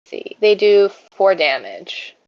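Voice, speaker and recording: A woman running a tabletop game as game master, narrating the scene in an unhurried way with fillers. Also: medium pitch, very animated, dry recording. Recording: dull lo-fi mic.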